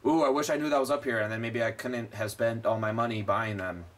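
Giving let's play commentary, a young man rambles through his gameplay with constant profanity and sarcastic rants. His lowish voice has a steady tone and a fairly bright quality, and he talks a little fast.

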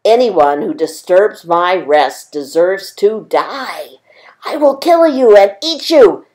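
A woman's voice: mid-range voice, animated, takes it slowly, darkish tone, voice pushed up. A woman voicing a mighty male lion king, reading it aloud in a storybook tale for children. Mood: menacing.

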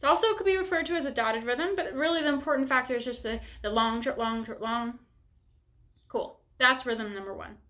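Young female teacher, bright slightly high voice, cheerful step-by-step instruction. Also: fast, hardly any pauses. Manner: upbeat, encouraging, explains step by step. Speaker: bassoon teacher. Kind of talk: instructional music lesson.

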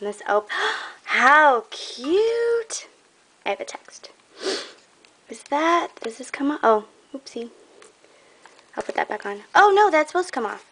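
A woman's voice: a little high, sharp tone. A young woman showing off a craft trade in a casual vlog, gushing and admiring, a bit out of breath.

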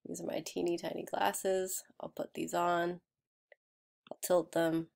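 A woman with a slightly low voice talks through her own vlog in a loose, rambling way. She pokes fun at herself as she goes and sometimes sinks to a soft near-whisper. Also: flat delivery, unhurried, gravelly. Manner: self-mocking, rambling, laughs at herself. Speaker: video creator. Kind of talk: casual self-narrated vlog.

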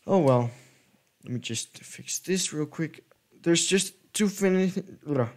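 A man's voice: a little high, lively intonation, slow, a little mellow. A man giving casual gameplay commentary, rambling and correcting himself as he thinks aloud. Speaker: gaming video creator.

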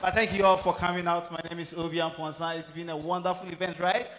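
A Ghanaian man with a Ghanaian English accent doing a loud, playful stand-up comedy set on a theatre stage, switching into local slang and quick impressions. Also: on the high side, little pitch movement, slight background noise. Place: large theatre stage with a live audience. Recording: roomy theatre with long reverb.

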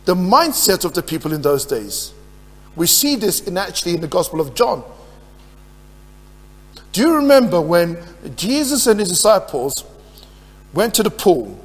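A man preaching as pastor, earnest and putting questions to his congregation. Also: high voice. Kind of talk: sermon. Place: church. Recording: reverberant church hall.

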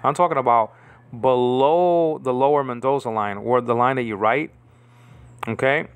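Halting man teaching Hebrew letters. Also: mid-range voice, clean tone, no echo. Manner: halting, repeats words, checks in with "okay?". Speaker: Bible language teacher. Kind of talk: informal Hebrew lesson.

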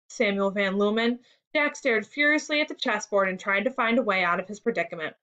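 A woman teacher reading a third-grade lesson and story aloud in a clear, measured way. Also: mid-range voice, sharp tone, dull audio.

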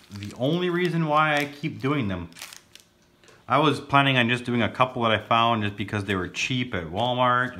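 A man's voice: medium pitch, bright, forceful tone. A man casually narrating as he opens card packs, rambling and goofy, now and then breaking into silly sing-song. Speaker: card-opening vlogger. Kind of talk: casual pack-opening commentary.

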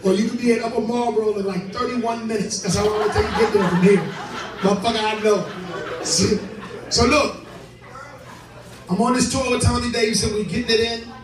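A comedian hosting a show at a live club speaks in a very high voice with a steady tone, a little fast. Profane and brash, a bit drunk and laughing often, he works the crowd, captured by a distant mic in an echoey room full of crowd noise.

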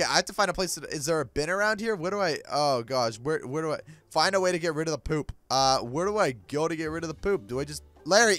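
A young man doing excitable, exaggerated game role-play commentary as a gaming video host. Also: a little high, quick pace, hardly any pauses, dry recording. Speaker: gaming YouTuber.

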